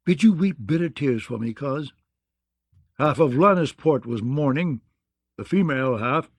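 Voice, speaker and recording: A wry knight with an understated, dry sense of humor, as a man puts him on. His voice stays close to a plain, mid-pitched reading voice. The sound is dry and close. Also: animated, a little slow, no echo.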